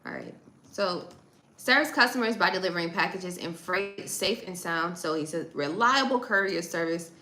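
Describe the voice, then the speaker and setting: A woman's voice: fairly low pitch, animated, normal speed, pushed and bright, echoey room, low-quality recording. A woman hosting a livestream, chatting casually with her viewers and reading text aloud. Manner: chatty, talks to chat, reads text aloud. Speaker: livestream host.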